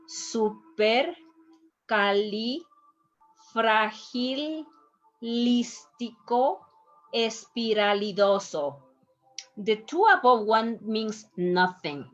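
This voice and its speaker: A woman teaching a recorded online lesson, enunciating words slowly and deliberately. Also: medium pitch. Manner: slow, careful delivery, stretches out example words; clear, deliberate enunciation of each syllable. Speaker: Spanish teacher. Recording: dull lo-fi recording.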